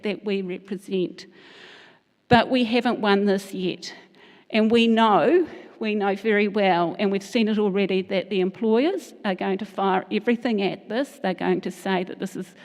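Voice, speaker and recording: A woman speaks at a union meeting, earnest and rallying, at an ordinary middle pitch. Her voice rings out with a long reverb off the walls of a hall. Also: a little mellow. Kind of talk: speech at a public meeting. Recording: echoey hall.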